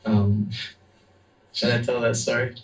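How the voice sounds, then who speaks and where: A young adult man, a monk, telling a story in a lively, laughing way with lots of fillers. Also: medium pitch, a little slow, far from the mic. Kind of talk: storytelling talk. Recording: echoey room, voice from off-mic.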